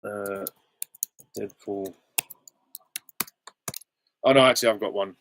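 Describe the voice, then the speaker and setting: A man's voice: fairly low pitch, steady tone, measured pace, pauses often, fairly bright tone, no room sound. A man hosting a live stream Q and A, chatty, giggly and self-deprecating, on a close desk mic. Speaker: channel host answering viewer questions.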